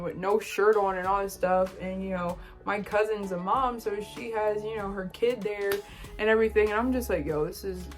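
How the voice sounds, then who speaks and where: A young woman talks straight to the camera in a relaxed, chatty storytime voice, her pitch sitting in an ordinary middle range. She jumps into livelier, higher bursts whenever she quotes someone. Faint music runs quietly behind her. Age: young adult. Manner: animated, quoting others in lively bursts. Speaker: vlogger. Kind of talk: casual storytime.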